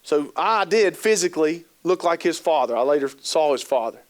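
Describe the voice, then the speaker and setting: A man's voice: on the high side, animated, normal speed. A man giving a talk at a training session, telling stories with animation, acting out quoted thoughts and asking the audience rhetorical questions. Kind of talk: conference talk.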